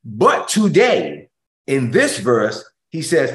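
Lively, emphatic preaching man. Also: mid-range voice, a little slow, echoey room. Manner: emphatic preaching with repeated phrases, swinging between loud and hushed. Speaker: pastor. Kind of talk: sermon.

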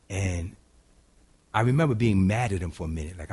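A middle-aged man preaching a sermon in a casual, folksy way, moving between loud preaching and quiet, hushed storytelling. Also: low-pitched, moderate pace, slightly rough. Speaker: pastor.

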